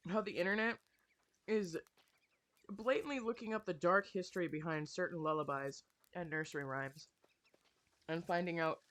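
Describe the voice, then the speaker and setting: A young woman ranting casually while she plays a game, swearing often and sounding animated and exasperated. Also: sits low.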